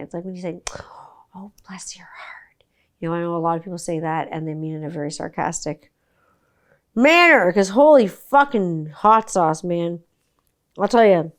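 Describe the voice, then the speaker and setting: A woman's voice: on the low side, smooth. A woman in her forties hosting a podcast, ranting and telling stories in a casual, sweary, sarcastic way. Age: 40s. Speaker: podcast host. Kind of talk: casual profane monologue.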